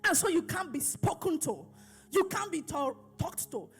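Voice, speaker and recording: A woman's voice: very high-pitched, sing-song, moderate pace, soft background music. A woman pastor preaching an emphatic sermon, repeating phrases and asking her listeners questions.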